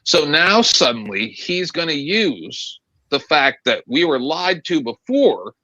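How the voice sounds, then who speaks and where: A man's voice: on the high side, sing-song, takes it slowly, sharp tone, no echo. A man as a panelist in casual live-stream talk, sarcastic. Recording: dull lo-fi mic.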